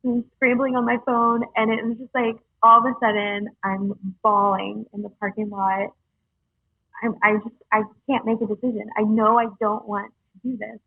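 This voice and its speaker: A young woman telling her personal story in a halting, earnest way, with many fillers, heard over a tinny phone-like line. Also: fairly high pitch, little pitch movement, gravelly, no echo. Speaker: guest sharing her story. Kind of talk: casual storytelling.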